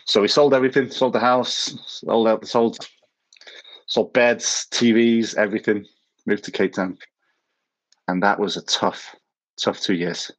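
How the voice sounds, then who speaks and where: Low-voiced man telling rambling stories. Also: fairly even intonation, a little slow, long pauses, poor audio. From South Africa. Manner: rambling storyteller, self-mocking, chuckles at his own stories. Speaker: podcast guest, former missionary. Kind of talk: casual anecdotal interview talk.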